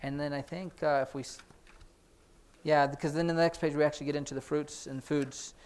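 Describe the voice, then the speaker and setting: A man's voice: fairly high pitch, little pitch movement, a little mellow, clear, resonant tone. Man teaching a sign language class. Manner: explains signs while demonstrating, hurried asides. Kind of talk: classroom instruction. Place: church classroom.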